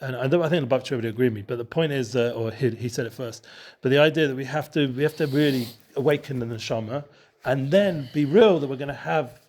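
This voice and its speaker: A man leads a casual Torah study at a quick, rushing clip. He keeps stopping and restarting his sentences and drops Hebrew and Yiddish terms in as he goes. His voice sits at a middling pitch. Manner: fast, loose and animated, with many restarts. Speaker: Torah teacher and show host.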